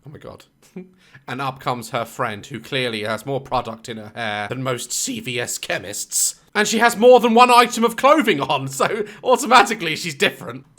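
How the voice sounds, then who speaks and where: A man chats through a reaction video with a bright, forward tone and a voice that swings widely up and down. He keeps up a stream of sarcastic jokes and mocking asides in a loose, casual way. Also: mid-range voice, expressive, normal speed. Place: home office.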